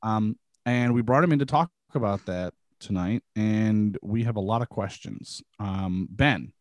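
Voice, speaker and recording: A man's voice: on the low side, unhurried, dry recording. A man hosting a podcast in casual chat, jokey and swearing as he interviews a guest. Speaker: podcast host.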